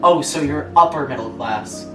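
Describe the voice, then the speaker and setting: Young woman reading posts out loud, lowish voice, laughs a lot, echoey room kinda far from the mic. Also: normal speed, over music. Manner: laughs often, reads aloud with sarcastic asides. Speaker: podcast co-host reading stories. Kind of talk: casual chat, reading posts aloud.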